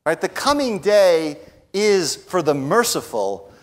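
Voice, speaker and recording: A man with a voice on the higher side delivers a sermon. He stresses his points, drops to hushed lines, then rises to bold declarations. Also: sing-song, takes it slowly. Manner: emphatic, often adds a tag question "right?"; moves between hushed lines and raised declarations. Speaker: preacher.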